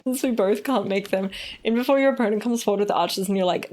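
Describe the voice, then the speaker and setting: A woman's voice: mid-range voice, fast talker, darkish tone. A woman casting a strategy game live on stream, playful and teasing, with frequent giggles.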